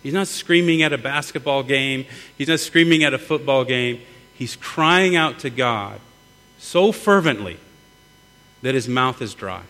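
A man's voice: mid-range voice, expressive, measured pace, pushed and bright. A middle-aged man preaching a sermon earnestly, often repeating words as he builds. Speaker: pastor. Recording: long hall reverb, mains hum.

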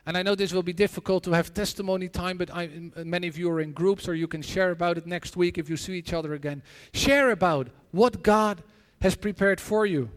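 In a big, reverberant hall, a high-voiced man delivers a sermon mixing personal stories and prayer. His storytelling is earnest yet halting, full of restarts and repeated words.

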